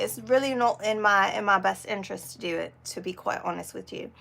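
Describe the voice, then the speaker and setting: A woman's voice: medium pitch, fairly quick, vocal fry, fairly bright tone. A young adult woman chatting casually on a live stream, rambling, swearing freely and laughing often. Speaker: vlogger.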